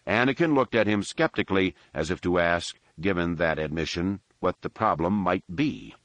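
Deep-voiced guy narrating a novel, steady pace, dry studio mic. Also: normal speed, no echo. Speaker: audiobook narrator. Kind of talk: scripted narration.

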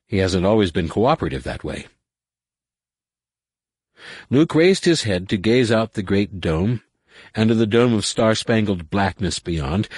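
A man reading an audiobook novel aloud in a measured, low-key manner. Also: darkish tone, slightly rough, dry recording. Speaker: audiobook narrator. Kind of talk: scripted narration.

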